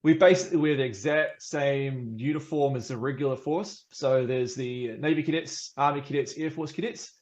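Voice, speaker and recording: A man's voice: medium pitch, normal speed, few pauses, darkish tone. A man with a New Zealand accent chatting casually as a podcast guest, laughing often and filling gaps with ums. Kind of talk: casual chat.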